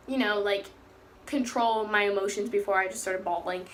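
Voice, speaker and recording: A woman's voice: mid-range voice, steady tone, a little slow, slight background noise. A teenage girl in casual personal talk about her faith, chatty and rambling, often correcting herself mid-sentence. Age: teens. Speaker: faith vlogger.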